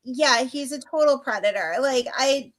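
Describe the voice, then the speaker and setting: A woman is a guest on a casual live stream and cuts into the host's story with quick jokes. Her voice sits high. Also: a bit bright. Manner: quick, teasing interjections. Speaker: co-host guest.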